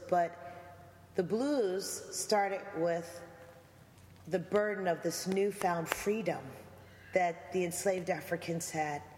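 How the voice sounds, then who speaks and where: A woman's voice: lowish voice, a little mellow, slight background noise. A woman guest in a conversational interview, talking reflectively and preacher-like about faith and music. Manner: reflective, preacherly, quotes scripture. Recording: echoey room with long reverb and faint ambience.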